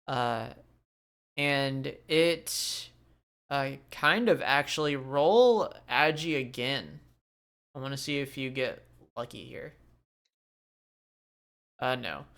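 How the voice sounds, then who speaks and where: A man narrating a tabletop session as game master, taking his time over every line. His voice carries a gravelly edge, yet it stays smooth and resonant underneath. He is laid-back and chuckles often. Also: medium pitch, animated, slow, pauses often, fairly bright tone.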